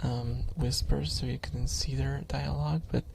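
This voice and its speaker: A young man streaming soft-spoken ASMR, rambling with chuckles and slipping into whispers, close to the microphone. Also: mid-range voice, steady tone, moderate pace, vocal fry, a little hiss or hum.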